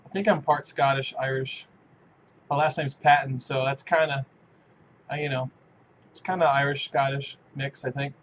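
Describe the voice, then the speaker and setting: A man's voice: medium pitch, normal speed, pauses often, a little hiss or hum. Chatty man reviewing a stout. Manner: relaxed, folksy, talks through a tasting step by step. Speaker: beer and pipe reviewer. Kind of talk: casual chat.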